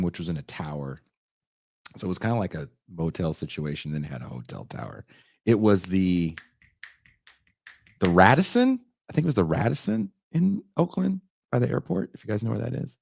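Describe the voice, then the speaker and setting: A man on a podcast telling a story casually, animated and profane, often leaping up in pitch for emphasis. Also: gravelly, no room sound, studio quality. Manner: animated, profane, jumps into high voices for emphasis.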